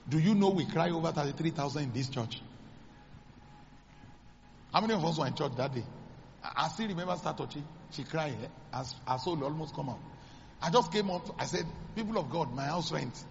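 A Nigerian man, a pastor, preaching a sermon as dramatic storytelling, acting out the dialogue with sudden high exclamations. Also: expressive, brisk, creaky, in a large hall, highs cut off, slight background noise.

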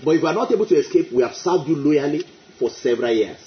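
A man's voice: on the high side, lively intonation, fast. A male preacher delivering an emphatic sermon, repeating his phrases and breaking into exclamations of praise. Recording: echoey, dull lo-fi.

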